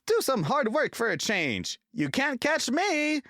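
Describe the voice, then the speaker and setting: A man's voice: wildly swooping pitch, a little slow, fairly bright tone, dry recording, studio quality, full character voice. A man voicing a cheeky, boastful little tank engine who teases the big engines with whistling calls in a storybook reading. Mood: teasing. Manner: teasing, shrill whistling calls.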